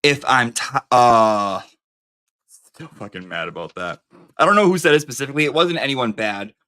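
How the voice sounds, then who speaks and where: A man's voice: mid-range voice, expressive, moderate pace, sharp tone, smooth. Brief: male live-stream host, loose campy chat, foul-mouthed and rambling.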